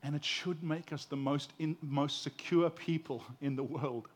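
A man in his forties preaching a sermon as a pastor, impassioned, dropping from loud emphasis to hushed tenderness and repeating words as he builds a point. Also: on the high side, fairly even intonation, unhurried, husky.

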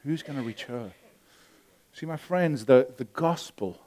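A male pastor telling a story in a sermon, animated, swinging between loud bursts and hushed asides. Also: mid-range voice, a little slow, no echo.

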